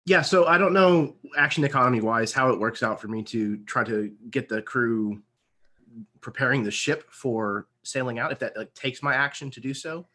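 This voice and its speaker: A man's voice: mid-range voice, moderate pace, bright, forceful tone. A man playing a tabletop game, hesitantly talking through his options and describing his character's actions. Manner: hesitant, many ums, talks through options. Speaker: player.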